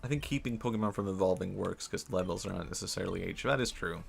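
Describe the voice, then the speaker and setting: A man's voice: low-pitched, fast talker, creaky, soft background music. A man streaming a game and chatting casually, rambling and giggling through playful, absurd tangents. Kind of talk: casual gameplay commentary.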